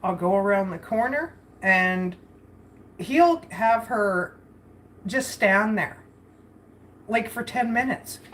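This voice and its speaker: A woman's voice: medium pitch, expressive, slow pace, pauses often, a bit bright, a little hiss or hum. A woman chatting casually while cooking in her home kitchen for a vlog, rambling and laughing often. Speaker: vlogger.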